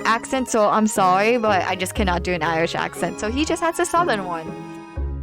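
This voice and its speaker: A woman streaming a game, chatting casually with excitable, gushing reactions. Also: medium pitch, fairly quick. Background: game music.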